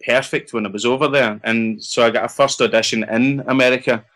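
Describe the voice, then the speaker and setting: A middle-aged Scottish actor telling lively anecdotes in a casual interview, laughing and acting out what others said. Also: male voice, medium pitch, fairly quick. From Scotland. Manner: animated anecdotes with laughter and acted-out quotes. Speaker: actor guest.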